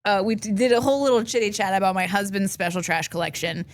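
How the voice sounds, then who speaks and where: A woman co-hosting a podcast, telling an animated story in casual chat and laughing often, recorded on a studio microphone. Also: mid-range voice, fast talker. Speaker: podcast co-host.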